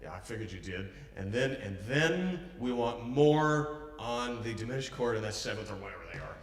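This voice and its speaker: This man's medium-pitched voice has lively intonation and a normal speed. As a piano master class instructor, he guides a pianist through a piece, cheering them on and humming or counting phrases while they play. The piano rings out in an echoey hall, captured from a distance.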